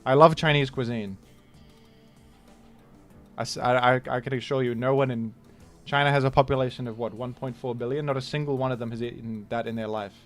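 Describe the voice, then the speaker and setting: Talking fast with few pauses, this young man keeps a steady tone at medium pitch while faint music plays. He's joking and rambling through a live game stream and exclaims loudly at anything surprising.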